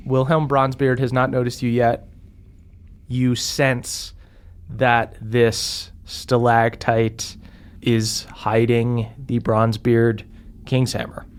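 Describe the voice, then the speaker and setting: A man's voice: mid-range voice, takes it slowly, clean tone. Game master man narrating, easygoing. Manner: relaxed narration with many fillers.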